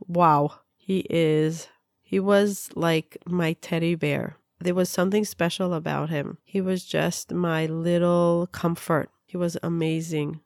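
A woman's voice: lowish voice, vocal fry, dry recording, clean studio sound. A middle-aged woman from Israel telling a personal story earnestly, often repeating words for emphasis. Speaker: speaker sharing a personal story.

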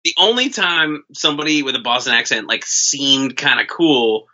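A man's voice: medium pitch, expressive, normal speed, sharp tone, highs cut off. A man co-hosting a comedy podcast, sardonic and crude in casual banter. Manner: crude, sardonic, doing mock voices. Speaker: podcast co-host.

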